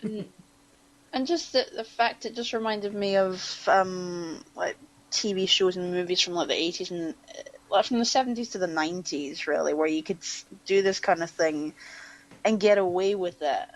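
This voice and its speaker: A woman's voice: lowish voice, moderate pace. A woman in casual podcast chat, swearing freely and laughing, her voice going a bit cracky.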